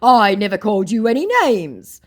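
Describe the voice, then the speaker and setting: A woman's voice: mid-range voice, expressive, moderate pace, voice pushed up, natural voice. A woman voicing an indignant male online scammer who answers in a haughty, dismissive way. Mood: defensive.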